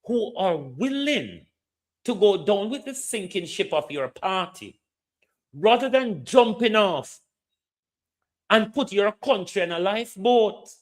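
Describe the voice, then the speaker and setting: A man's voice: sits high, lively intonation, slow pace. A man with a Jamaican accent hosting political commentary, lecturing and firing pointed questions at his listeners.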